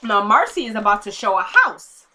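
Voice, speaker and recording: Bright-voiced chatty woman. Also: medium pitch, normal speed. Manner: chatty, animated, addresses viewers as y'all. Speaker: TV episode reviewer. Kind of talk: casual chat.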